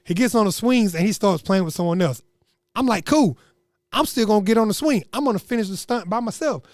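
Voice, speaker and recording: A young man telling a comedic story in an animated, slangy way, acting out what people said. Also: high voice, fast, no room sound, studio quality. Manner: animated, slangy, acts out quotes.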